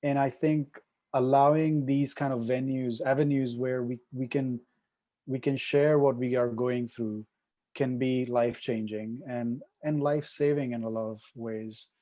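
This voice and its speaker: A man's voice: medium pitch, steady tone, measured pace, warm tone, dry recording. A man speaking earnestly as a guest on a video call panel, often repeating words.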